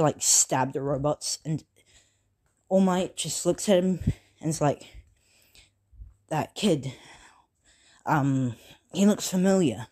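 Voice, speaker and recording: Low-voiced woman retelling a story haltingly. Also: dark tone. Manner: halting, full of fillers and self-corrections. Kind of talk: casual retelling of a fan story.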